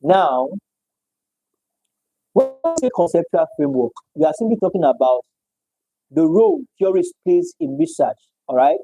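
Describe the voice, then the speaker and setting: A man's voice: fairly high pitch, animated, moderate pace, pauses often, over music, poor audio. A man teaching a live-streamed economics lecture, repeating points and checking in with listeners. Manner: repetitive, checks in with "all right?".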